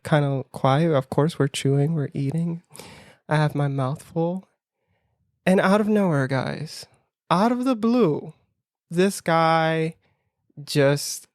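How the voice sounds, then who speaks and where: A man's voice: on the high side, clean tone, no room sound, studio quality. A man co-hosting a casual podcast, telling a dating story with lots of "like" and acting out his own reactions in quoted voices. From United States, near New York. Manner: animated, acts out his own lines in quotes; frequent "like" fillers, laughs through story. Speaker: podcast co-host.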